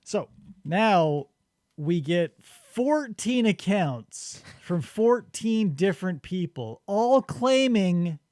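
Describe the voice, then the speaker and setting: A man's voice: sits high, very slow, dry recording, studio quality. A man co-hosting a podcast, chatting casually and comically about a book, swearing and acting out quotes. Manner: animated, swearing, acts out witness quotes. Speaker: podcast co-host. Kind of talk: casual comedic book discussion.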